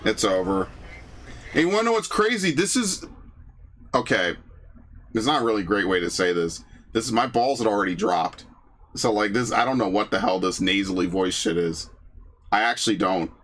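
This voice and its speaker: A man's voice: on the low side, expressive, normal speed, long pauses, a bit bright. A gaming channel host in casual commentary over his old videos, loose and profane, laughing often.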